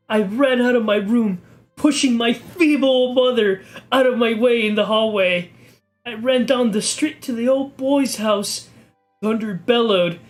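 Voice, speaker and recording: A man giving a mock-serious, deadpan reading of an amateur horror story, stumbling over the text now and then. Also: extremely high pitch. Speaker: video creator reading a story.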